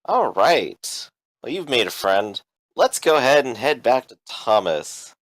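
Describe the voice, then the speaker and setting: Guy gm running a tabletop game, chill and jokey, bouncy pitch, dry close mic. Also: measured pace, no room sound, low-quality recording. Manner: relaxed, joking, with many fillers. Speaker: game master.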